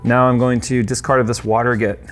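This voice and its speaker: A man's voice: medium pitch, little pitch movement, a little fast, faint music behind. A man in his thirties casually walking through a hands-on cleaning job at a workbench, chatty and loose with offhand jokes. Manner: chatty, loose, self-deprecating asides. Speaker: tech YouTuber. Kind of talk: casual how-to demonstration. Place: workshop workbench.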